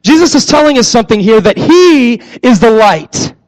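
A young man with a strikingly high voice preaches a sermon. He repeats his key phrases to drive them home and slips into animated, acted-out voices when he tells a story. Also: moderate pace, poor audio. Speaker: youth pastor.

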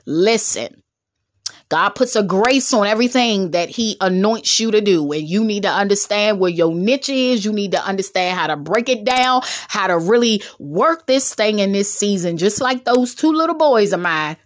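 A bubbly woman hosting her own podcast, mixing preaching and humor as she urges her listeners on. Her pitch swings widely, leaping high when she gets excited. She talks in a loose, playful, exhorting way. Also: moderate pace. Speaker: podcast host. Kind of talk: preachy motivational podcast talk.

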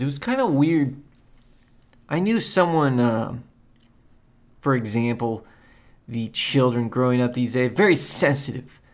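A man at an ordinary middle pitch talks through a solo spiritual podcast. He drifts from thought to thought, circles back, and repeats phrases. His talk is loose and casual, full of ums and side remarks. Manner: rambling and meandering, repeats himself; loose and conversational, with frequent ums and asides. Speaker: podcast host.

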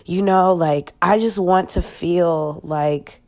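A woman with a deep, low voice speaks as a podcast guest. She talks frankly and swears freely. Her sentences break off and restart as she searches for words. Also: fairly even intonation, darkish tone. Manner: blunt and profane, with halting restarts. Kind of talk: candid personal reflection.

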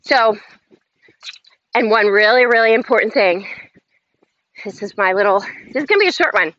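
High, bright, slow motivational woman host. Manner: emphatic, chant-like affirmations, slow and drawn out. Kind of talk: motivational self-help talk. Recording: slightly dull lo-fi audio, faint noise.

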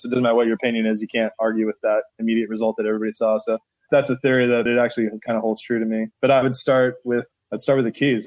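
Fast-talking emphatic male volleyball coach. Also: mid-range voice, no echo, dull audio. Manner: energetic, emphatic, lots of "like" fillers. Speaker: national team setting coach. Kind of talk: podcast interview.

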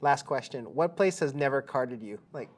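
A woman's voice: rumbling low, expressive, moderate pace. A woman from the Seattle area hosting a casual podcast, chatty, laughing often and trailing off into fillers. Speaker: podcast host.

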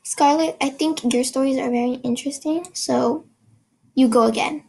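A woman's voice: sits high, steady tone, normal speed, vocal fry, a little mellow, slightly rough, low-quality recording. A young woman in casual chat, mostly offering brief, encouraging reactions to a friend.

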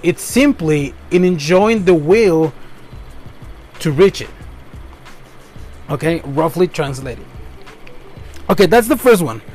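A high-voiced man with a Spanish accent delivers an earnest motivational talk, stopping to rephrase and checking in with his listeners. Faint music plays underneath. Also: darkish tone. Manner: earnest, rephrases himself often, ends points with "okay?". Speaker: podcast host. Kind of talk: motivational monologue.

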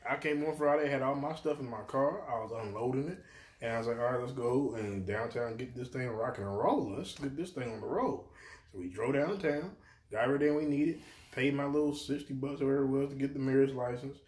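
Lively storytelling pastor, echoey room. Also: male voice, medium pitch, brisk. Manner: animated storyteller acting out quoted voices. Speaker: pastor, podcast co-host. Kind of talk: casual storytelling chat.

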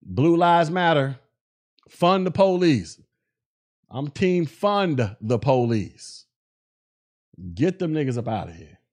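A man's voice: on the high side, big pitch swings, slow, pauses often, a little mellow. A man hosting a podcast, speaking in with blunt, mocking commentary and laughing at his own jokes. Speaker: podcast host. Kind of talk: casual commentary.

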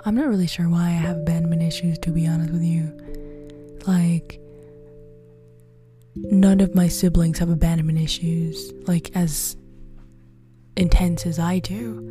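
Soft-spoken woman, half-whispered confessions. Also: lowish voice. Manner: soft, often whispering, halting and introspective. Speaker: podcast diarist. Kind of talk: confessional personal monologue. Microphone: audio on one channel only. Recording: music playing behind.

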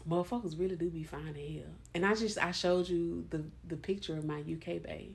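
A woman hosting a podcast, talking in a blunt, profane and animated way. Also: fairly low pitch, fairly quick, creaky. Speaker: podcast host. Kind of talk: candid casual chat.

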